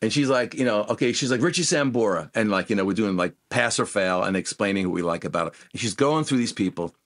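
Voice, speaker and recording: A middle-aged man with a fairly low voice tells stories in a relaxed interview. He jumps into the voices of the people in his anecdotes and keeps the talk casual and animated. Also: fast talker. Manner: animated anecdotes, acts out quoted dialogue. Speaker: guest musician.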